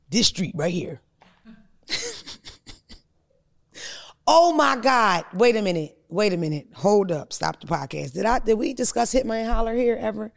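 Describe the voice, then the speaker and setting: Woman, gravelly, mid-pitched, blunt and profane, casual podcast chat. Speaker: comedian and podcast host.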